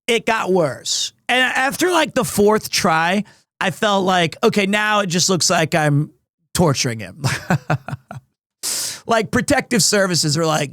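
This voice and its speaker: A man live-streaming from home, chatting casually with his viewers in a rambling, excitable, self-deprecating way. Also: sits high, measured pace, no room sound, studio quality.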